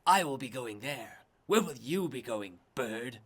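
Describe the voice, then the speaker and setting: A man's voice: medium pitch, animated, a little slow, fairly bright tone, husky. A man voicing a cold, haughty human warlock who speaks in a stiff, formal way.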